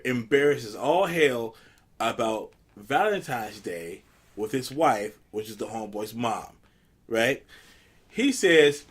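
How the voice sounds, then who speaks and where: A podcast host with a medium-pitched, slightly rough voice tells a story on his casual show. He is an animated storyteller, laughing often and using loose slang.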